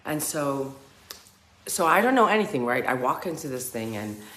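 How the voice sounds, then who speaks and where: A woman recounts her own experience in relaxed, chatty storytelling, full of "like" and "you know", and acts out the sounds she heard. Her voice carries a noticeable echo from a roomy space. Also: a bass voice, normal speed. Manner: animated, acts out screams and chants, many fillers. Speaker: spiritual healer sharing her story. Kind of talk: casual personal storytelling.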